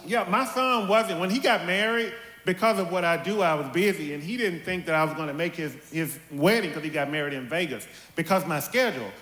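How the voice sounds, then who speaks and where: High, bright-voiced man in a hall. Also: brisk, hardly any pauses. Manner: animated, with lively put-on quotes of his mother. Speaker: panelist. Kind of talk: candid storytelling on a church panel. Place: church hall. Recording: echoey hall with faint ambience.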